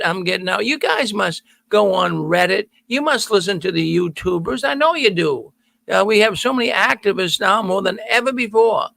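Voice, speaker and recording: A man's voice: high voice, gravelly, bright, forceful tone, no room sound. A middle-aged man hosting a call-in show, talking to viewers in a folksy, emphatic way and repeating words for stress. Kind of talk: energetic monologue to viewers. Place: studio.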